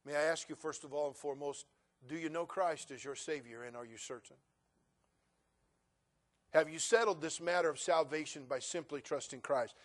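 A middle-aged male pastor preaching a sermon, moving from folksy storytelling to loud, emphatic preaching. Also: a little high, moderate pace.

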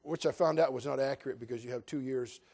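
A man's voice: mid-range voice, quick pace, vocal fry, a little mellow. An older man from California, a pastor preaching a sermon in an earnest, direct way and addressing his listeners as friends.

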